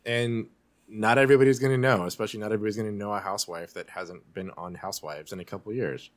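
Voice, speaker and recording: Chatty man recapping a reality show. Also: lowish voice. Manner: chatty, animated retelling with quick asides. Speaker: podcast co-host. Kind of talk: casual chat recapping a TV show.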